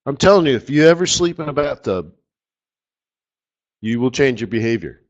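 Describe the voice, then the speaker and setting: A man's voice: medium pitch, animated, moderate pace. Joking man, muffled webinar audio. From Canada. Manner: joking, chatty, repeats "right?" often. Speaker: forex market strategist presenting a webinar. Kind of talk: live webinar lecture, casual and rambling.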